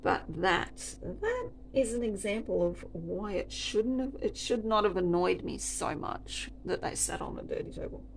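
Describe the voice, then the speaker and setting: A woman's voice: medium pitch, very animated, measured pace, creaky, a little hiss or hum. A woman who works as a restaurant server, telling stories in a chatty, wry and rambling way. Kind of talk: casual storytelling chat.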